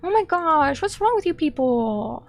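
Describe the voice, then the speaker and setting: A woman streamer chatting casually with her viewers, excitable and gushing, breaking into rants. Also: high-pitched, unhurried, vocal fry. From United States. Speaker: vtuber streamer. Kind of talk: casual chat reading viewer comments.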